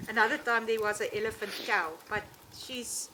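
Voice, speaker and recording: A woman, a safari ranger, telling animated stories with frequent ums. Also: fairly high pitch, moderate pace, a little hiss or hum. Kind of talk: telling anecdotes in an interview.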